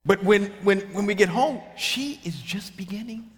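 Preacher guy telling a funny story, kinda high voice, loud bits, big echoey hall w/ room noise. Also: normal speed. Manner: animated, shouting punchlines, acting out dialogue. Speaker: pastor. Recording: large hall reverb with clear ambient noise.

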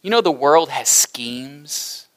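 A middle-aged man preaching a sermon as pastor, animated and humorous, breaking into laughter during his asides. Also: medium pitch, slow pace.

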